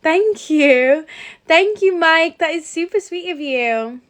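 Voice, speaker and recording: A woman's voice: very high-pitched, animated, slow. A young woman from England, chatting casually on a phone livestream, giggling as she reads out and answers viewer comments. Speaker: livestream host. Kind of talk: casual live-stream chat reading comments.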